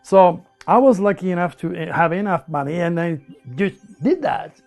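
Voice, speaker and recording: Faint music plays behind a high-pitched man with a French accent who talks at a moderate pace. He's a native speaker from the south of France, recounting personal anecdotes in an interview with lively energy and performing the quoted lines himself.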